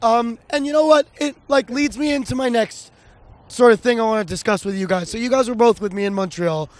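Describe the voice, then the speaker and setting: A man's voice: very high-pitched, brisk. A man co-hosting a casual sports podcast outdoors in the cold, analytical and impassioned. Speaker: podcast co-host.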